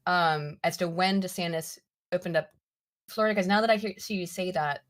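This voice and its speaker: A woman's voice: lowish voice, a little fast. A woman from South Africa co-hosting a live stream, laughing often and teasing while she reads out viewer donations. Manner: giggly and teasing. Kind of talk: casual live-stream chat.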